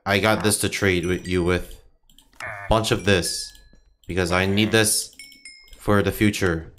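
A man's voice: low voice, steady tone, measured pace. A young man giving casual gameplay commentary, frustrated and swearing often. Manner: frustrated, swears a lot, swings into loud outbursts. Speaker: gaming streamer.

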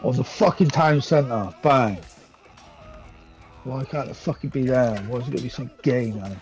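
A man's voice: medium pitch, moderate pace, a little mellow, faint music behind, low-quality recording. A man playing a strategy game and ranting in frustration, swearing heavily as he talks. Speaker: gamer streaming a match. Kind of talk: casual gameplay chat.

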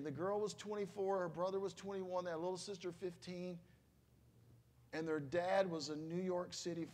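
Delivering a sermon, a middle-aged pastor whose voice is a little high tells emotional stories in a conversational way, punctuating them with exclamations.

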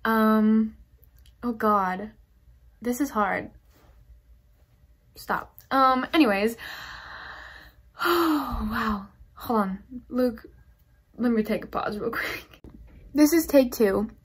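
A young woman in her late teens, a graduating theater student, giving a teary, halting farewell vlog message while fighting back tears. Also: a little high, slightly rough.

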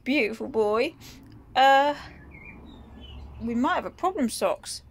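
A woman's voice: fairly high pitch, lively intonation, slow, slightly rough. A woman filming herself outdoors on a phone, chatting fondly and coaxingly to a cat. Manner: coaxing, fond pet talk. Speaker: vlogger feeding a feral cat. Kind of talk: casual chat to a pet.

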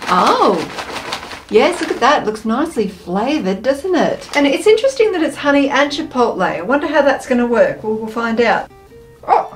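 A woman's voice: a little high, big pitch swings, moderate pace, soft background music. An Australian woman chatting bubbly and casually as she taste-tests snacks for her vlog, exclaiming and thinking aloud.

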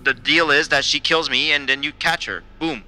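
An actor playing a clueless comedian calling in to a podcast, talking in an earnest, rambling way. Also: male voice, fairly high pitch, steady tone, moderate pace, sharp tone, rough recording. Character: clueless male comedian caller seeking fame. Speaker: caller. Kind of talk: scripted comedy call-in show.

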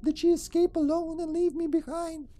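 Spooky little girl voice, real high and kid-like, halting simple sentences, reading a creepy diary. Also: little pitch movement, dark tone. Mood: eerie, plaintive. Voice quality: high, childlike and eerie. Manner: slow, broken, simple phrases. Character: creepy, lost little girl searching for her mother. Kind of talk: dramatic reading of a game diary.

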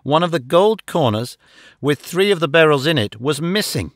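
A man narrating a classic detective story as an audiobook, reading in a measured, dramatic first-person way into a close microphone. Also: fairly high pitch, lively intonation, dry recording. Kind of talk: scripted narration.

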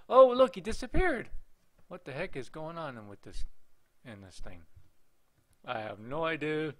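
A man's voice: mid-range voice, fairly bright tone. A man giving casual let's play commentary on a horror game, rambling and joking, often talking straight to the game's characters. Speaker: gameplay commentator.

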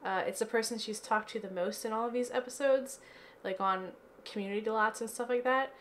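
Woman, casual gameplay commentary, chatty, giggly, lots of fillers, slightly high voice. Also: fairly quick, a bit bright, a little hiss or hum. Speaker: let's play gamer. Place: home office.

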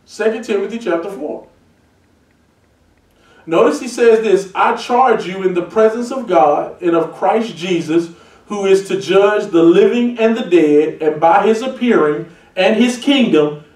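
A man preaching a sermon as a pastor, emphatic and building to shouted points. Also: high-pitched, lively intonation, measured pace. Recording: echoey church heard from a distance.

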